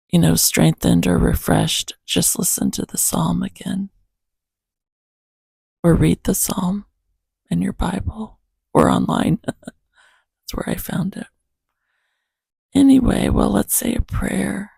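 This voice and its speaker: Hoarse, gravelly man reading scripture. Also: high-pitched, darkish tone, dry recording. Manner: earnest, reflective, unhurried. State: hoarse morning voice. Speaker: host reading scripture to his cat. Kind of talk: casual Bible reading, reflection and prayer.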